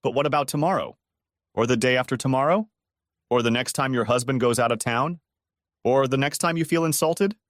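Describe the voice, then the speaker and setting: A man voicing a calm otherworldly male spirit guide who asks steady, probing questions. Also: medium pitch, fairly quick, no echo, clean studio sound, lightly acted.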